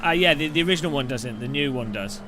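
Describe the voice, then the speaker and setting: A man's voice: medium pitch, lively intonation, quick pace, pushed and bright, slight background noise. A man chatting casually on a live stream, rambling and jokey, laughing often.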